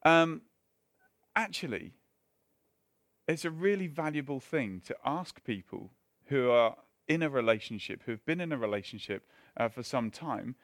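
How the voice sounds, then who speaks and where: A man's voice: medium pitch, animated, moderate pace, a bit bright, no room sound, clean studio sound. A man preaching a sermon in a conversational way, with self-mocking asides and frequent restarts.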